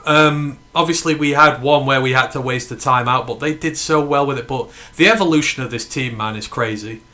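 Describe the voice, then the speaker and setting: A man from the UK hosting a live fan watch-along stream, talking in an excited, emphatic way and swearing freely. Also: medium pitch, a little fast. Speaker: fan podcast host.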